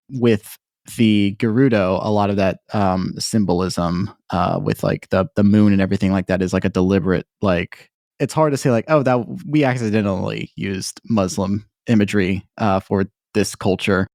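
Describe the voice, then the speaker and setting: A man's voice: low voice, normal speed, a little mellow, no echo, studio quality. A man hosting a casual podcast discussion, talking in long rambling sentences full of fillers and restarts. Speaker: podcast host.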